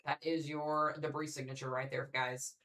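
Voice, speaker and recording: A man's voice: a little high, level tone, normal speed, bright, forceful tone. A young man hosting a live severe weather stream, talking casually and thinking aloud as he reads the radar and calls out to viewers. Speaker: severe weather livestream host. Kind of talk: live weather coverage commentary.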